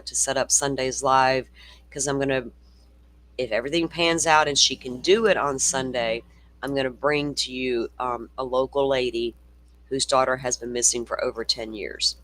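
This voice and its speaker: A man's voice: medium pitch, fairly even intonation, normal speed, fairly bright tone. A middle-aged man hosting a casual true-crime livestream, swearing freely and reading viewer comments aloud. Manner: profane, ranting, reads viewer comments aloud.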